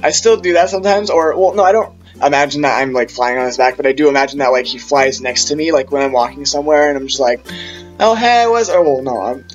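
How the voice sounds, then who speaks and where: A man's voice: medium pitch, steady tone, quick pace, hardly any pauses, lo-fi sound, faint music behind. A young man vlogging a casual storytime, rambling through tangents and quoting himself in funny voices.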